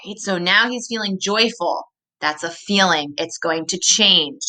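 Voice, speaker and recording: A woman teacher reading a story aloud to children, stopping to ask questions and slowing to stress key words. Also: fairly low pitch, bright, forceful tone, poor audio.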